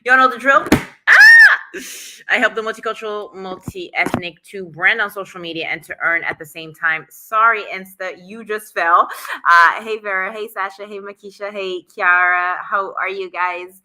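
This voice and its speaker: A woman's voice: medium pitch, steady tone, moderate pace, noisy background. A young woman hosting a casual live stream, chatting to viewers and greeting them by name, still out of breath after a workout. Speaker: social media coach and live-stream host.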